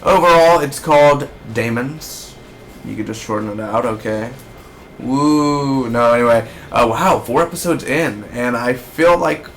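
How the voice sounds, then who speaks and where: A man hosting a casual TV show review, rambling excitedly and jumping between recap and opinion. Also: mid-range voice, slight background noise. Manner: rambling, excitable, acts out characters in bursts.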